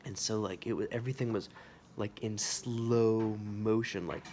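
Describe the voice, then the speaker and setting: A man telling a personal anecdote, animated and full of sound effects and casual asides. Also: fairly low pitch, measured pace, slight background noise. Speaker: storyteller. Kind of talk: personal anecdote told to camera.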